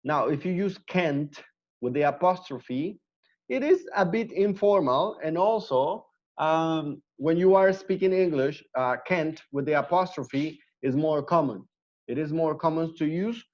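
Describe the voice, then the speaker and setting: A man's voice: a little high, unhurried, darkish tone, muffled recording. A man teaching an online English class, patiently repeating words to drill pronunciation.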